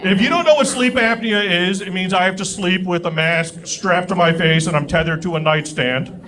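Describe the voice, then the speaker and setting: A young man doing a stand-up set on a comedy club stage with an animated, self-mocking delivery. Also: high-pitched, moderate pace. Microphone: stage mic. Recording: live club recording with crowd. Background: audience laughter.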